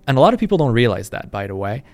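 A man's voice: medium pitch, big pitch swings, very fast, darkish tone. A man in mid-range voice chatting on a podcast. He backs up his co-host's points in short, punchy lines. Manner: conversational, agreeing, punchy. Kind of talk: podcast discussion.

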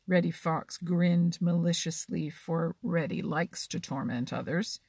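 Slow, husky woman reading a storybook. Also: lowish voice, darkish tone, no room sound.

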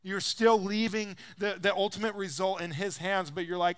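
A man in his thirties preaches in a relaxed, conversational way, his voice sitting fairly high for a man. The tone is smooth and resonant. He leans into his stories and acts out the quotes with lively emphasis. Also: moderate pace, few pauses. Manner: animated storyteller, acts out quotes with rising pitch and volume. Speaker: pastor. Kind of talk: casual conversational sermon.

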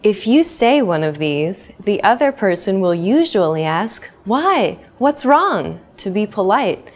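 A young woman hosts a scripted English lesson. Her pitch moves up and down a lot, and she talks at an unhurried pace. She says each example phrase clearly and often repeats it for learners. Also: animated, a little mellow. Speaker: English teacher.

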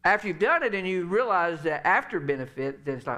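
Folksy preaching man, slightly high voice. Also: animated, fairly quick, pushed and bright. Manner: conversational preaching, frequent "you know" and "uh". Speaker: pastor. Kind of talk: sermon.

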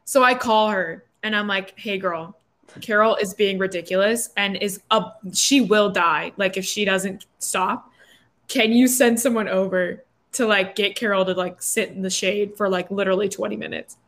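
A young woman in her twenties, telling a story in a casual chat with lots of fillers. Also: medium pitch. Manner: animated, quick storytelling with many fillers.

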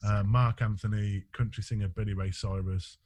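A man's voice: lowish voice, level tone, moderate pace, darkish tone. A man hosting a podcast in casual chat, sweary, laughing often and trailing off mid-sentence. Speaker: podcast host.

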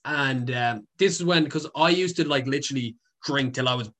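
With a medium-pitched, slightly bright voice at a moderate pace, a young adult Irish man chats as a guest, telling casual stories in a rambling way thick with fillers and swearing. He's a content creator.

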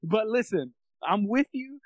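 A man co-hosting a sports podcast in casual chat, animated and laughing easily, acting out little quotes. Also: high voice, measured pace, no echo, poor audio. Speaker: podcast co-host.

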